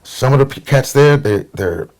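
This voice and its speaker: A man's voice: mid-range voice, expressive, normal speed, darkish tone. A middle-aged man from Portland, Oregon, telling stories as a guest in a casual conversation and acting out the voices of people he quotes. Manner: easygoing storyteller, acts out quotes.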